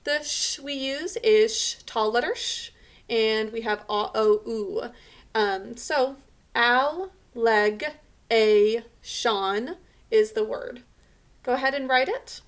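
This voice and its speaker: A woman's voice: fairly high pitch, slow. A woman teacher giving a recorded spelling lesson, patiently sounding out each syllable and letter sound.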